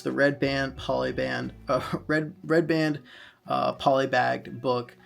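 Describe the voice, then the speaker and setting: A man's voice: mid-range voice, little pitch movement, slow pace, vocal fry, soft background music. A man casually reviewing comic books in a chatty vlog, recapping plots with fillers along the way.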